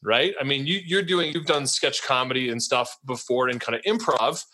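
A man's voice: mid-range voice, moderate pace, pushed and bright. A man hosting a podcast interview, talking in a loose, rambling way and often checking in with "right?". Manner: rambling, conversational, many tag questions. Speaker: podcast host. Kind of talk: casual interview chat.

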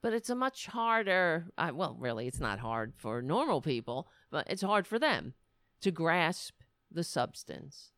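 A woman's voice: deep voice, big pitch swings, unhurried, a bit bright, dry recording, studio quality. A woman commentator delivering an indignant, sarcastic rant. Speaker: political commentator.

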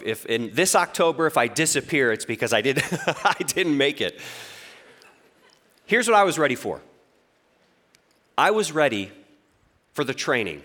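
Animated man in his forties preaching. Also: medium pitch. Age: 40s. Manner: lively storytelling, acts out inner voices. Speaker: pastor. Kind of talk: sermon.

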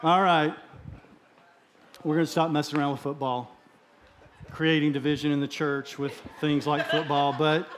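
A man's voice: fairly high pitch, little pitch movement, moderate pace, pauses often, a little hiss or hum. A man from Texas, a guest speaker, preaching a sermon in a joking, conversational way in a church. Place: church sanctuary.

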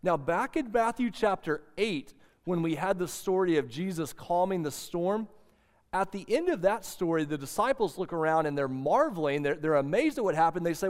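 A man preaching a Sunday sermon, earnest, moving between soft, slowed emphasis and rising urgency. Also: high voice, lively intonation, long reverb tail. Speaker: pastor.

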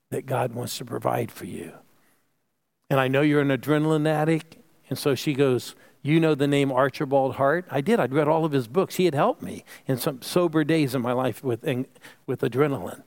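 A middle-aged male pastor from Phoenix tells a personal story from the pulpit. His voice has a gravelly fry at a middle pitch, and he keeps calling on the congregation to say it with him. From Phoenix, United States. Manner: call-and-response preaching, storytelling. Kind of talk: sermon.

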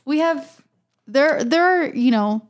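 A woman's voice: sits high, expressive, takes it slowly. A woman co-hosting a casual chat, talking in a chatty, giggly way full of "like" fillers.

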